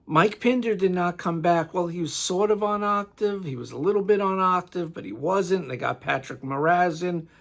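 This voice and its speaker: Gravelly New York man reminiscing. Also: fairly high pitch. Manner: chatty, rambling, reminiscing. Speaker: music vlogger. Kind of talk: casual tribute monologue.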